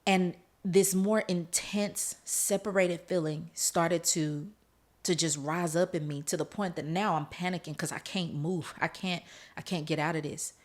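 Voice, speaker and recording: This podcast host speaks in a slightly low, steady voice at an unhurried pace while telling her listeners her own testimony. Her delivery is heartfelt and emotional, and she laughs through the story's tense parts.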